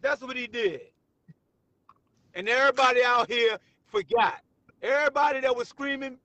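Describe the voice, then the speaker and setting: A male sports-show host ranting in a heated, slangy voice. His voice sits high and sounds bright and forceful. He cuts in and shouts over others. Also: normal speed, long pauses, no room sound, muffled recording. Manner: fiery, slangy, shouting interruptions. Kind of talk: heated sports talk rant.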